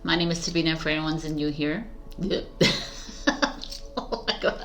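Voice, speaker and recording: A woman's voice: deep voice, steady tone, measured pace, fairly bright tone. A woman tarot reader talking casually to her viewers, chatty and rambling, with frequent fillers and asides to herself. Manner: rambling, chatty, lots of fillers and self-talk. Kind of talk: casual spiritual chat to camera.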